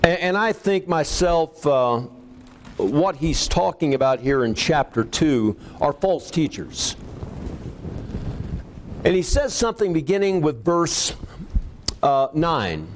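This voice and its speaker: A man preaching a sermon, reading scripture aloud and stressing points with pauses and sudden rises in pitch. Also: very animated, a little hiss or hum.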